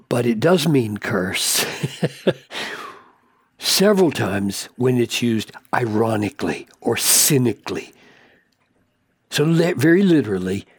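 A man preaching a sermon, asking rhetorical questions and growing emphatic as his pitch climbs high. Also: breathy edge, no echo, studio quality.

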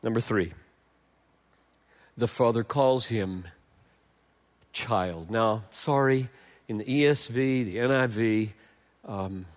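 A middle-aged male pastor preaching a sermon, swinging from emphatic lines to hushed, tender ones. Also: medium pitch, slow, long pauses.

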